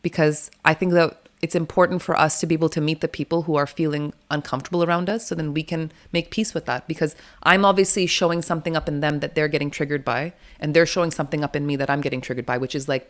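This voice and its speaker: A woman's voice: sits low, fast, few pauses. A woman doula speaking as an interview guest, outspoken and blunt, swearing casually and laughing often as she talks. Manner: animated, laughs often between points.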